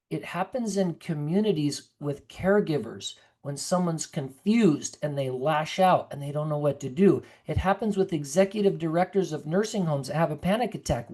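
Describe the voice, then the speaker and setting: Her voice sits low with a darkish tone as this woman nurse practitioner presents online to caregivers via video call. She's earnest and conversational, now and then mimicking the people she's quoting.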